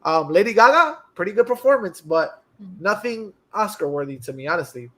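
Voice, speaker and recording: A man's voice: high-pitched, lively intonation, a little fast, a bit bright. A man, co-hosting a podcast in casual, blunt, profane movie chat that switches between English and Spanish. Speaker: podcast co-host.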